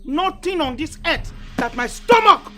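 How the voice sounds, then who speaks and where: A woman's voice: high voice, animated, unhurried, fairly bright tone. An actress with a Nigerian accent playing a defiant, mocking woman who taunts and provokes. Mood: taunting. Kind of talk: Nollywood film acting. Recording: film dialogue with faint music.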